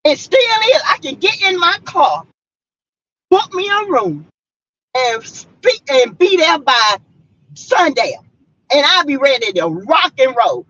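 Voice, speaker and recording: Sitting in her car, the vlogger from South Carolina takes it slowly yet stays very animated, her high, fairly bright voice rising and falling widely as she preaches hard and fiercely at her audience. The recording sounds dull, lo-fi, dry and close.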